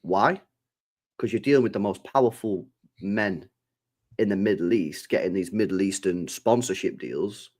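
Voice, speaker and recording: A man's voice: deep voice, normal speed. A man hosting a live football stream, swearing freely and acting out imagined conversations. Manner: swears freely, animated, acts out imagined dialogue. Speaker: football channel host.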